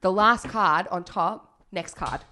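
A woman telling a story in casual chat, animated and laughing, swearing freely. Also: medium pitch, takes it slowly, slight background noise.

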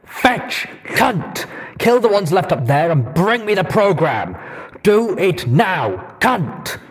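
A man's voice: on the high side, animated, takes it slowly, darkish tone, slightly rough, voice pushed up, exaggerated voice. A man reading an audiobook, voicing a huge, cruel and impatient male raider pony who snarls and bellows. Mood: bellowing. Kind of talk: audiobook character voice.

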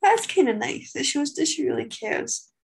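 A woman's voice: sits high, big pitch swings, normal speed, vocal fry, rough recording. A woman co-hosting a podcast, chatting casually with wry, offhand asides. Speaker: podcast co-host. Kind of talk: casual chat.

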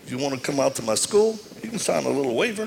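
A man's voice: mid-range voice, big pitch swings, fast, creaky, a little mellow, in a large hall, a little hiss or hum. A man with a Cajun accent preaching to a live audience, telling a story with humor and self-deprecating asides.

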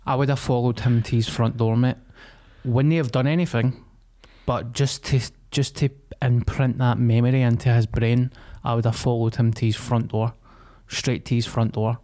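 A man's voice: mid-range voice, mellow. A young Scottish man co-hosting a podcast, bantering and joking with plenty of swearing. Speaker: podcast co-host. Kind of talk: casual chat.

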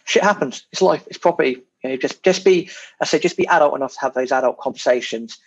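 Speaking fast in a medium-pitched, slightly rough voice, a podcast guest chats casually and animatedly about property. He swears occasionally and repeats his words in this relaxed interview chat, recorded with dull lo-fi sound.

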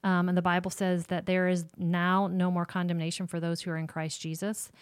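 Low-voiced woman counselor. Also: level tone, fairly quick, clean tone, no room sound. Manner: warm, direct, talks straight to moms. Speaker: ministry counselor and host. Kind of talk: casual faith-based parenting talk.

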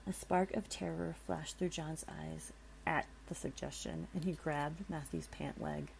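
A woman's voice: sits low, animated, unhurried, creaky, slight background noise, rough recording. A woman reading a scary story aloud in a dramatic way, stopping for nervous asides to her listeners.

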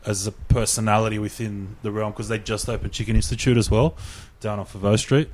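A young man, a guest chef telling a story in animated, casual chat, swearing freely and stacking up fillers. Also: fairly low pitch, fairly quick.

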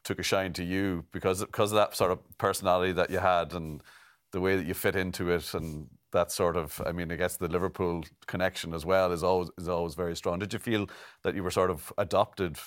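A man's voice: deep voice, steady tone, a little fast. A man interviewing a guest, asking long, winding questions with many fillers.

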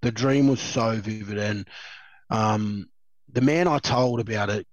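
A man's voice: lowish voice, a little slow, dry recording. Chatty Australian man, dry and muffled. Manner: rambling, chatty storyteller who laughs often, lots of "you know" and "um". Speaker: guest, former rugby league player. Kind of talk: relaxed anecdotal interview.

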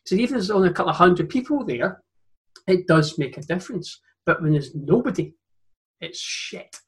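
A Scottish man with a high, animated voice co-hosts a football podcast, talking fairly quickly in casual football chat. He rambles through stories, restarting often and laughing at his own anecdotes.

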